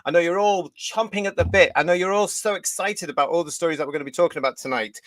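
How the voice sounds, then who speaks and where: A man's voice: on the high side, quick pace, hardly any pauses, a bit bright, no room sound. A British man hosting a live fan show, talking in a teasing, sarcastic way and laughing often. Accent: British English. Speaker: host. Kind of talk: livestream panel chat.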